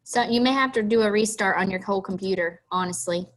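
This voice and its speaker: A woman's voice: medium pitch, fast. A woman teacher, chatting with students on an online class call in a friendly, casual way. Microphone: headset microphone, then computer mic.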